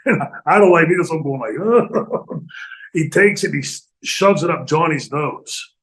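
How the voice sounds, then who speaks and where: A middle-aged man casually telling stories in a studio interview, animated and laughing often, acting out other people's lines. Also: fairly high pitch, measured pace, low-quality recording. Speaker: retired pro wrestler guest telling stories. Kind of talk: casual storytelling in a podcast interview.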